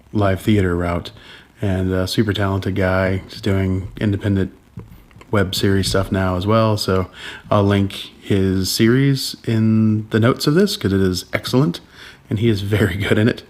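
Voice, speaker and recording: A man's voice: lowish voice, fairly even intonation, a little slow. A man co-hosting a casual home vlog with an accent-neutral voice, rambling with ums and restarts and chuckling as he talks. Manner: rambling, laughs while talking, frequent ums and restarts; keeps voice down so as not to wake a baby. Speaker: vlog co-host. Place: home at night.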